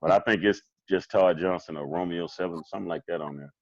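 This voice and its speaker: A man's voice: low-pitched, quick pace, a little mellow, no room sound. A man guesting on a podcast as a DJ, joking in laid-back casual banter. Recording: dull dry lo-fi mic.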